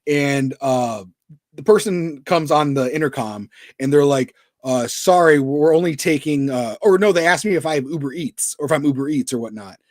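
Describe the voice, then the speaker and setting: A man's voice: on the high side, moderate pace, darkish tone, no echo, studio quality. A man co-hosting a casual podcast chat, rambling through anecdotes and quoting people in disbelief. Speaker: podcast co-host.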